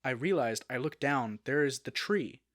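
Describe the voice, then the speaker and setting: A young adult man, a guest actor, telling a story in a casual interview, animated, with many fillers and restarts. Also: mid-range voice, normal speed.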